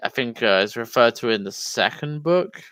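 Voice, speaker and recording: Casual smooth-voiced man chatting. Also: mid-range voice, animated, normal speed, a bit bright, no room sound. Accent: New Jersey. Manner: loose and casual, says "yo" and "like", restarts. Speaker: podcast co-host. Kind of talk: casual chat.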